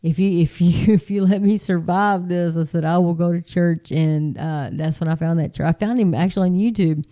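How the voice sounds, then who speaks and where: Chatty middle-aged woman, mellow voice. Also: normal speed, few pauses. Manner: animated, chatty, jumps to high mocking voices. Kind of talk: casual spoken monologue.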